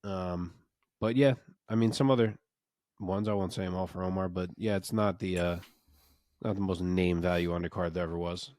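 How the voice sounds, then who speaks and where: A man's voice: sits low, steady tone, normal speed, a little mellow, no room sound, clean studio sound. A man co-hosting a casual sports podcast, analytical and enthusiastic, often restarting his sentences.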